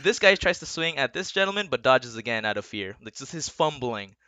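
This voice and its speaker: A young man narrates a tabletop fight as game master, playful and quick to laugh. His voice is bright and swoops widely in pitch, and it sits dry and close with almost no room sound. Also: no echo. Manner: laughs often while narrating, relaxed and playful.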